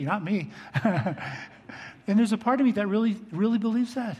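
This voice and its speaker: An older man, a pastor preaching a sermon to his congregation, earnest, swinging between loud emphasis and soft low asides. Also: slightly rough. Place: church sanctuary. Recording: long reverb of a large hall.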